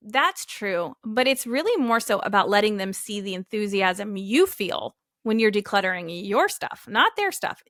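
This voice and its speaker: A woman in her thirties hosts a casual solo podcast, upbeat and chatty, often acting out what her family members say. Her voice is fairly high-pitched and a bit bright. The recording is dry and studio quality.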